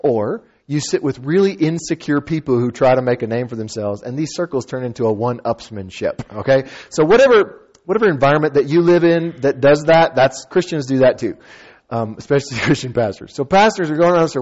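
A man preaching a sermon as a pastor, conversational and animated, with playful asides and acted-out quotes. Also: on the high side, a little fast, highs cut off.

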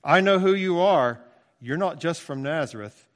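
A man in his sixties voicing a frightened, defiant male demon who cries out loudly, read aloud in a sermon. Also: medium pitch, lively intonation, moderate pace. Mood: alarmed, defiant. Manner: loud, crying out in alarm. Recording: long church reverb.

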